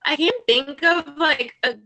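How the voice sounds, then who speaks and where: A woman's voice: high voice, unhurried, pushed and bright. A woman co-hosting a podcast, chatting casually and reading the show's sign-off. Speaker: podcast co-host.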